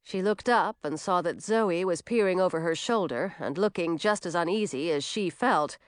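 A woman narrating a children's storybook aloud in a lively, expressive way. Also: on the low side, moderate pace, clear, resonant tone, no echo, clean studio sound.

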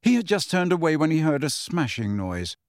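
A man reading a novel aloud in measured, even audiobook narration. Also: fairly high pitch, no room sound, studio quality.

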